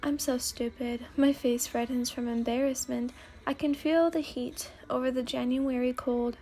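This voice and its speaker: High-voiced woman in whispered role-play. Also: steady tone, moderate pace, warm tone, soft background music. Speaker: storyteller of a listener role-play.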